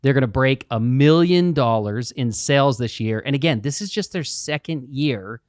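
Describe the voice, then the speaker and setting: A man co-hosting a casual business podcast, telling a client's story with lively quoted asides. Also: medium pitch, normal speed, no room sound, studio quality. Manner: storytelling, animated retelling of quotes. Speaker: podcast co-host.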